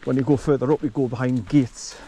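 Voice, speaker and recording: A man's voice: medium pitch, steady tone, a little fast, mellow, slight background noise. A man chatting casually to camera while walking his dog outdoors, breaking off to call the dog. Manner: chatty, talks to his dog between remarks. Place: outdoors on a rural walk.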